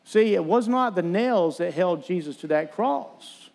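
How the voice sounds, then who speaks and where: A man's voice: high-pitched, expressive, measured pace, creaky, darkish tone. A man preaching a sermon, earnestly retelling scripture and acting out the voices of mockers.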